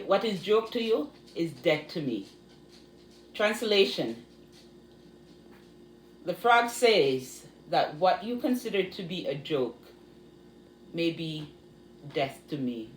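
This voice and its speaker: A woman from Jamaica with a Jamaican accent, talking casually to her viewers in a vlog and repeating words for emphasis. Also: medium pitch. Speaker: vlogger. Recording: echoey room with faint noise.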